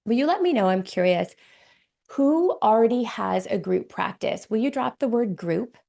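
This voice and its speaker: A middle-aged woman business coach from Canada, hoarse from a cold, hosting a webinar panel with effusive enthusiasm and talking to her audience in the chat. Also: fairly high pitch, lively intonation, moderate pace, warm tone. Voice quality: raspy.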